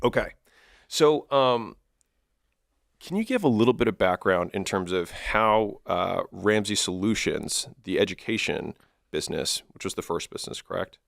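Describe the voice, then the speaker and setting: A man as interviewer, asking questions hesitantly and filling pauses with "um" and "kinda". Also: low voice, animated, creaky, a bit bright, no room sound, studio quality. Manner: hesitant, with many fillers.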